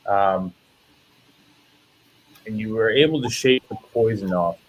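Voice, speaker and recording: A man's voice: on the low side, takes it slowly, slight background noise, rough recording. Easygoing male game master. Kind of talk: narrating a tabletop game.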